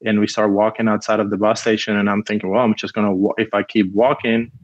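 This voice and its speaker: A man's voice: fairly low pitch, little pitch movement, fast, a little mellow, dry recording, muffled recording. A man from Cuba, a guest telling a story in a rambling casual way, full of "like", acting out what people said. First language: Spanish. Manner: rambling, heavy use of "like", acts out quotes.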